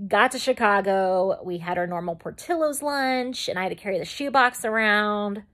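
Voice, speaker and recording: A young woman talks straight to her viewers in a relaxed storytime vlog, with her voice at an ordinary middle pitch. She rambles, breaks off into asides and restarts her sentences. She also acts out how she reacted at the time. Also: normal speed. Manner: chatty and rambling, with side remarks and restarts. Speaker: makeup vlogger.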